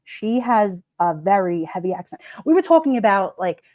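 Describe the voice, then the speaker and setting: A woman's voice: medium pitch, very animated, moderate pace, warm tone, dry recording. Chatty Brooklyn-accented woman streaming live. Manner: chatty, laughs often, reads chat comments aloud. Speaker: livestream host. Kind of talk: casual live-stream chat.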